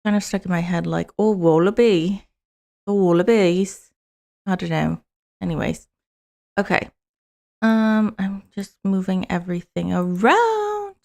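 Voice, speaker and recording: A woman's voice: medium pitch, animated, unhurried, vocal fry, a little mellow. A young woman hosting her own political live stream, chatting loosely with lots of fillers and casual swearing.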